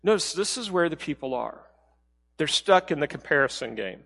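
A man preaching a sermon as a pastor, talking in a conversational way and dropping to a soft low voice when he quotes. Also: sing-song, normal speed, creaky, in a large hall.

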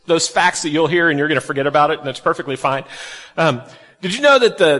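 A man's voice: a little high, fairly bright tone. A man, a pastor talking to his church in a chatty, folksy way with self-deprecating humor. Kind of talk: casual sermon opening. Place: church sanctuary. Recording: long reverb of a large hall.

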